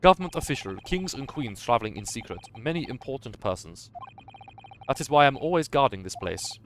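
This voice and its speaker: A man voicing a burly, rude ship's sailor who talks loudly and bluntly in broken English. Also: mid-range voice, big pitch swings, fairly quick, slight background noise. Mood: gruff. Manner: gruff, blunt, loud, clipped grammar.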